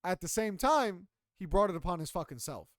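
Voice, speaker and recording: Young male podcast co-host, casual and profane storyteller, voice sits a bit high, dry sound. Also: fairly quick, dry recording. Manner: animated, profane, emphatic storytelling.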